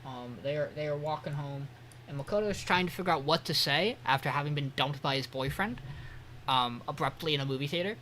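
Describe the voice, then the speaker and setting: A man's voice: a little high, fairly quick, sharp tone, a little hiss or hum. A man co-hosting a podcast, giving a loose, joking episode recap with sarcastic asides. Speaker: podcast co-host.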